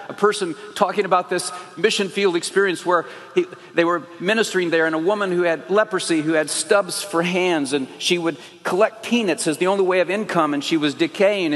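A man's voice: high-pitched, fairly bright tone, big-room sound. A man preaching, telling his own story with earnest, emphatic rising phrases. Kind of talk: sermon testimony.

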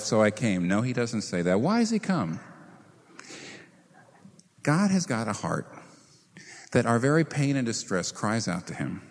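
A man delivering a sermon as pastor, his voice moving freely up and down as he presses his points. He keeps asking the congregation questions, animated throughout. The sound carries a long, echoing reverb, as in a large church sanctuary. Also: mid-range voice, measured pace, long pauses. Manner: animated preaching with rhetorical questions. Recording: reverberant hall.

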